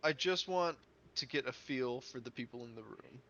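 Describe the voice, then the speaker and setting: A man's voice: medium pitch, expressive, normal speed, bright, forceful tone. A man playing a tabletop game, speaking in short, questioning bursts. His mic sounds dull and lo-fi, and keyboard typing clicks behind him. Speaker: player. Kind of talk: tabletop role-play.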